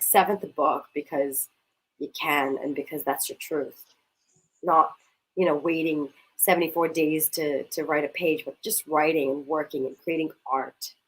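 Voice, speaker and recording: A woman leading a coaching exercise in casual chat, talking in an animated, gushing way and swearing casually. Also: sits low, breathy edge, rough recording.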